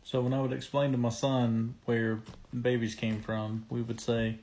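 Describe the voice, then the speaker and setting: A man's voice: medium pitch, moderate pace, warm tone, poor audio. Puzzled father telling a story. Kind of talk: casual storytelling.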